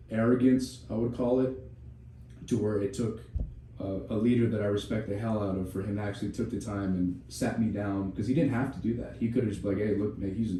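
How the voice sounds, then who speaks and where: Low-voiced man, candid podcast storyteller. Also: warm tone, far from the mic, a little hiss or hum. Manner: candid, profane storytelling with many restarts. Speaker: podcast co-host. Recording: echoey room, voice off-mic.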